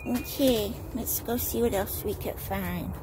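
A woman's voice: medium pitch, measured pace, background noise. A young woman chatting casually to a viewer at home, playful and cooing at her pets. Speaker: vlogger. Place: home indoors.

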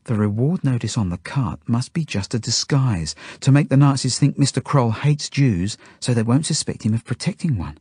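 A man reading his own novel aloud as audiobook narration, in a steady, plain first-person storytelling manner. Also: medium pitch, normal speed, few pauses, husky, no echo, studio quality.

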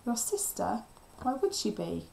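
A woman voicing a brisk, dismissive grown woman while reading a children's novel aloud. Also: fairly high pitch, sing-song, vocal fry, a little mellow, voice pushed up, exaggerated voice, poor audio. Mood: puzzled. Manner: breezy and dismissive.

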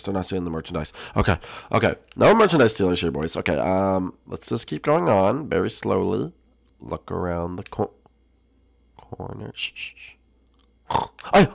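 A man voicing a jumpy young male turtle prince in a game video role-play, swinging between hushed whispers and sudden shouts. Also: low voice, vocal fry, dry recording, studio quality.

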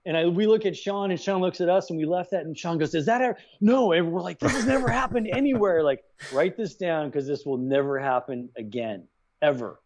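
Animated middle-aged man telling anecdotes. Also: on the high side, brisk. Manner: animated, acts out quoted dialogue. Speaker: writer-director guest. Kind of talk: casual interview storytelling. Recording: dull lo-fi sound.

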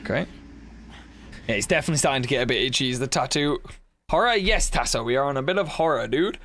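A man streamer giving casual commentary while playing a horror game, excitable, swearing often and chatting with his viewers. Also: mid-range voice, fast, slight background noise.

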